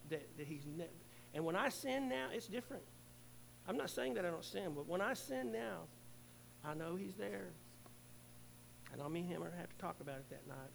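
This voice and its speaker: A middle-aged man preaches a sermon with a notably high voice. He speaks earnestly, building to loud peaks and then sinking into near hushes. A faint hum sits under the recording. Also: gravelly, low-quality recording. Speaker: pastor.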